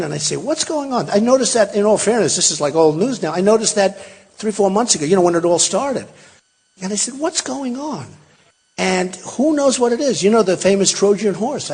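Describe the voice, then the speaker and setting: Husky older man giving a rally speech. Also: sits high, darkish tone. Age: 60s. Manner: rambling, repetitive and emphatic, with asides to the crowd. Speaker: political candidate at a rally. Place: large hall. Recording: long hall reverb.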